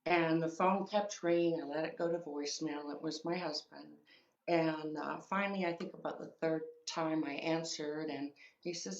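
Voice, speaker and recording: A woman's voice: deep voice, normal speed, echoey room, muffled recording. A woman recounting a personal story in an interview, with many fillers and quoted dialogue. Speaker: guest.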